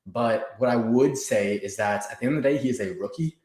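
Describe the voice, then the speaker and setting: A man's voice: medium pitch, fairly quick, a little mellow. Breathless hyped young man, echoey room. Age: young adult. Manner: hyped, laughing, talks straight to viewers. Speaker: fan podcast host. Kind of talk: casual livestream chat. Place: home room. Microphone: camera on the floor.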